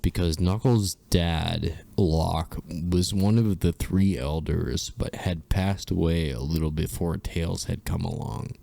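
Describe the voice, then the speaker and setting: Male co-host, low slow delivery, halting comedic read-aloud, dry close mic. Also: steady tone, creaky, mellow, no room sound. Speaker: co-host reading fan fiction aloud.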